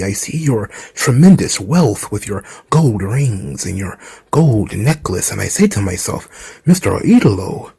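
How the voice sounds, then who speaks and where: A man's voice: mid-range voice, warm tone, slightly rough, pitched below the performer's own voice, heavily acted. A man voicing a grown male wrestler who speaks in an overly formal, courtly, old-fashioned way.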